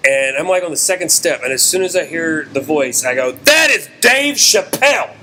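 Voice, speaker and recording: Bright-voiced man telling a story. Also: on the high side, brisk, slight background noise. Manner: animated storyteller, voice jumps up when acting out his own shouting. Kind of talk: casual podcast chat.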